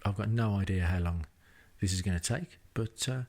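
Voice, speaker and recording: Heavy background noise surrounds this English podcast host, whose voice sits low and moves at a moderate pace. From a rented home he recounts his travel diary with dry, self-mocking humor and wry asides.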